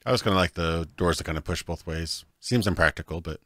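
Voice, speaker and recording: A male game streamer rambles through casual commentary, packing in lots of "like"s. His voice is very deep yet bright and forceful. The sound is dry and close. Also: fast talker, dry recording. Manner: rambling, laughs often, many "like"s.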